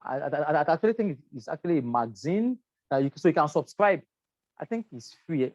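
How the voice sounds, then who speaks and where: A woman's voice: low voice, animated, fairly quick, a little mellow, no echo, highs cut off. A woman teaching a health and safety class, stressing key words, repeating herself and checking in with "right?". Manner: emphatic, repeats words, asks "right?" often. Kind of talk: lecture to a class.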